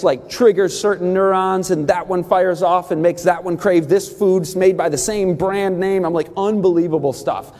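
A man giving an animated sermon-style talk on the Bible and diet, with quick asides and restarts. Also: a little high. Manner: animated, rising sharply when excited, with quick asides and restarts. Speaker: preacher. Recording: long hall reverb.

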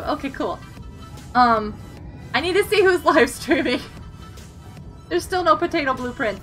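A woman live streaming a game, excitable and chatty, laughing and yelling at what happens on screen. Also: sits high.

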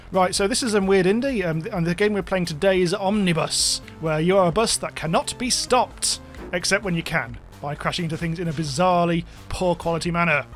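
A man giving excitable, exclamatory commentary over a game, yelping and swearing at what happens on screen. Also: high-pitched, normal speed, soft background music. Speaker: gameplay video host.

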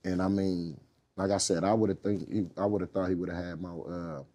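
A man in his thirties telling a story as a guest, relaxed and slangy, swearing freely and often asking "you know what I mean". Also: low voice, moderate pace. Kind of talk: casual storytelling.

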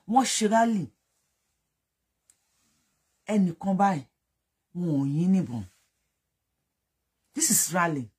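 A deeply raspy, husky voice with a Yoruba accent, delivering impassioned political commentary. The speaker is fervent and accusing, repeats lines for emphasis, and slips back and forth between English and Yoruba. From Nigeria.

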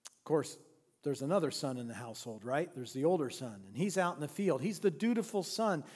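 A man's voice: fairly high pitch, animated, brisk, darkish tone, slightly rough. Preaching man in a reverberant church. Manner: storytelling, with rhetorical questions and frequent restarts. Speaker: pastor. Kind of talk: sermon. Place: church sanctuary.

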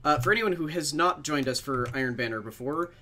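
A man's voice: on the high side, a little fast, pushed and bright. Rambling, swearing game streamer guy. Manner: rambling, self-deprecating, swears freely. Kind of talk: casual chat while livestreaming a game.

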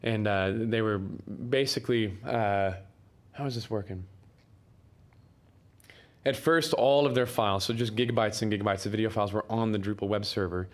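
Casual man giving a conference tech talk. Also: mid-range voice. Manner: casual, many fillers and restarts. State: coughing, throat irritation. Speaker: conference speaker. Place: conference room.

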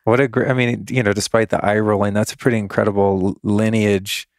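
A man's voice: on the low side, level tone, brisk, no room sound, clean studio sound. A man hosting a podcast, asking questions and thinking aloud in a reflective, casual way. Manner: reflective, thinks aloud with many "you know"s. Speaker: podcast host.

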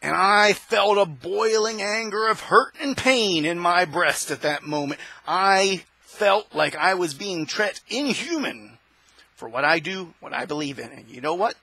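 A male host delivering an impassioned opinion monologue, preaching and rising to shouts. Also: high voice, expressive, a little slow, gravelly, slightly rough, poor audio.

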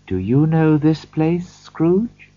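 A man voicing a calm, knowing male spirit in a storybook reading, with a gentle, measured manner, on a dull lo-fi recording. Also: on the high side, no room sound, voice pushed up.

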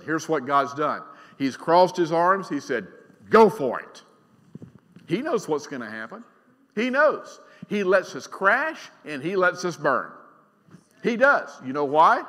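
A middle-aged man preaching a sermon as pastor. He is emphatic, swings between loud and quiet, and keeps asking the congregation questions. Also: on the high side. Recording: long reverb of a large church hall.

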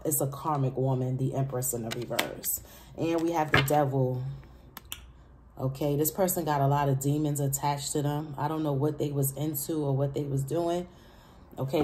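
Low-voiced woman chatting through a tarot reading. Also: mellow, slight background noise. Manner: chatty and emphatic, repeats phrases, speaks straight to viewers; laughs often between remarks. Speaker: tarot reader. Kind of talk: casual tarot reading to viewers.

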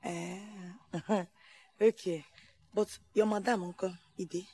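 A woman's voice: mid-range voice, fairly even intonation, slow pace, warm tone. An actress playing an easygoing wife and mother who talks with a Nigerian Pidgin accent.

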